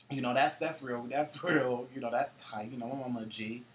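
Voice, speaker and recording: A man's voice: medium pitch, moderate pace. A man co-hosting a casual chat, telling loose, profane holiday stories with frequent laughter. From Cincinnati, US. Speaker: co-host.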